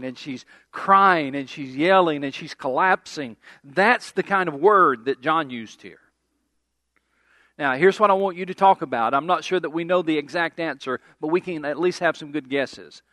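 A man preaching a sermon with a fairly high voice, recorded close and dry. He builds through repeated lines to loud, emphatic declarations, then drops to hushed asides. He stops to put questions to the congregation. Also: dry recording.

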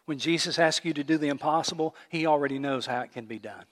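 Male preacher with a high voice, lively sermon delivery, long reverb from the hall. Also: quick pace. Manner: animated storytelling, rhetorical questions to the congregation. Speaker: pastor.

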